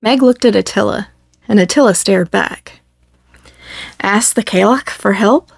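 Slow gravelly woman storyteller. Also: mid-range voice, no echo, studio quality. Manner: measured, expressive reading. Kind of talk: reading a children's story aloud.

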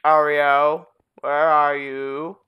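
A gaming channel host giving rambling, casual commentary full of "uh" and "anyway", jumping to a high, excited voice when calling the pets. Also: drawn-out words, clean tone, muffled recording.

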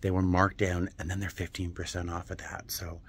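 A man vlogging while he browses antique and vintage shops, gushing and musing aloud, sometimes dropping to a soft near-whisper. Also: deep voice, monotone, moderate pace, slight background noise. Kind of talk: casual vlog narration while shopping.

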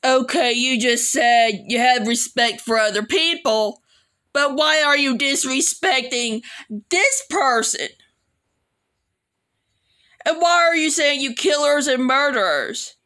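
A woman hosting a reaction video, giving slow, scolding commentary on clips. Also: high voice, bright, forceful tone.

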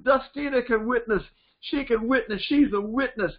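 An older male pastor preaches with a high, lively voice, telling stories and slipping into characters as he goes. The sound is dull and lo-fi. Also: normal speed. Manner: animated storytelling, acts out voices. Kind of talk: sermon.

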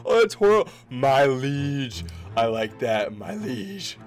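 A man giving casual let's-play commentary, excitable, laughing often and reading game text aloud. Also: mid-range voice, takes it slowly, soft background music. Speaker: gaming video creator.

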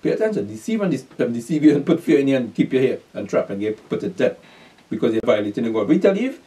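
Heard from a distant mic, a man teaching a bible class speaks fast in a mellow mid-range voice with big pitch swings. His pattern is to read scripture aloud, then explain it using emphatic call-and-response questions while repeatedly asking listeners to pay attention.

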